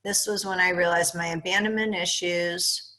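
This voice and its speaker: A woman's voice: on the low side, steady tone, normal speed, bright, forceful tone, rough recording. A woman co-hosting a talk, reading a listener's question aloud carefully. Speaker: co-host.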